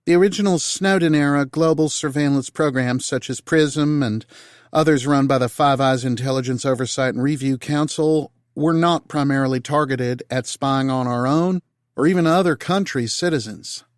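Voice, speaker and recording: A man's voice: mid-range voice, no room sound, studio quality, natural voice. A man voicing a formal female senator briefing officials. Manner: measured, formal briefing delivery. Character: brisk female senator leading a secret briefing. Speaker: narrator voicing character.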